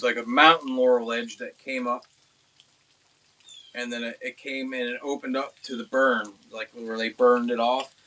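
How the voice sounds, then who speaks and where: A young man from Pennsylvania tells a hunting story in a loose, casual way. He rambles, restarts his sentences and gets animated at the exciting parts. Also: medium pitch. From Pennsylvania, USA. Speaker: outdoors channel host.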